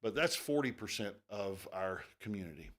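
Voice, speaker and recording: Easygoing low-voiced male radio host. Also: normal speed. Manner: relaxed, thinking aloud with fillers. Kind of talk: casual radio talk. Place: radio studio.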